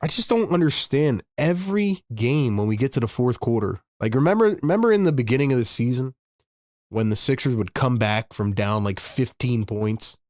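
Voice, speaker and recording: A man's voice: medium pitch, lively intonation, moderate pace, darkish tone, no echo, clean studio sound. A man hosting a live fan broadcast, calling the plays and scolding the team in exasperation. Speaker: host calling live play-by-play. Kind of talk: fan play-by-play and rant.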